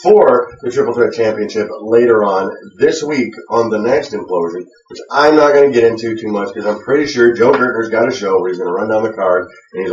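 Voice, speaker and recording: Man chatting casually in an echoey room. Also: on the low side. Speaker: co-host of a web wrestling show. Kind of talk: casual chat with hesitant fillers. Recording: echoey room, distant lo-fi mic.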